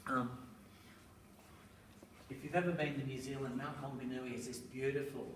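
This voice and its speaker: A middle-aged man gives a talk on raising children, spinning anecdotes and tossing in rhetorical asides with a chuckle. He is picked up from some distance in an echoey room, and steady noise sits under his voice. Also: mid-range voice, normal speed. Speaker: speaker on parenting, school educator. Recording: roomy, distant, noisy room recording.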